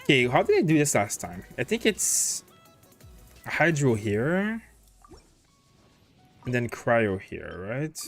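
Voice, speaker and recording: A man's voice: mid-range voice, sing-song, takes it slowly, gravelly, pauses often, faint music behind. A man hosting a casual gaming livestream, thinking aloud as he plays and answering chat questions with plenty of fillers. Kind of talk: casual livestream commentary while playing.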